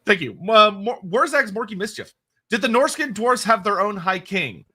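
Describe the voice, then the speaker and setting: A man's voice: high-pitched, lively intonation, moderate pace, pushed and bright, slightly rough. A man co-hosting a casual livestream, answering chat questions at length with frequent restarts and laughs. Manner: rambling, restarts, laughs often.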